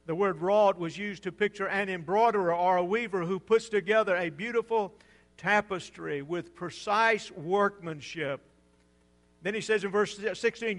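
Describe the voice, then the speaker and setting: High-voiced preacher in a reverberant hall. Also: male voice, slow. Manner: preaching with dramatic swells and hushed drops. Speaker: pastor. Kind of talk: sermon.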